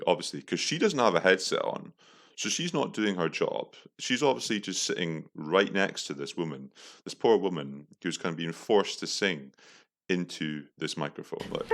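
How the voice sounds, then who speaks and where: A man's voice: sits low, a bit bright. A young man hosting a podcast, reacting to adverts in a profane, incredulous, mocking way. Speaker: podcast host. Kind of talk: casual commentary.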